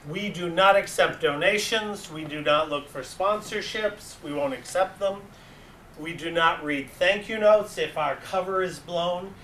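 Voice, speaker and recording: A man with a New England accent giving a storytelling presentation to a meeting, acting out voices in his anecdotes. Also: sits high. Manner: animated, acts out voices in anecdotes. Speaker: club advisor giving a talk. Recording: echoey room, distant mic, faint hiss.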